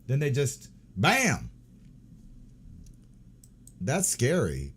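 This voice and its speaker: A man's voice: on the low side, darkish tone. Crude, swearing middle-aged man ranting. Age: 40s. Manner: crude, sarcastic, rambling, swears a lot. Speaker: host. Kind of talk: profane commentary on news clips.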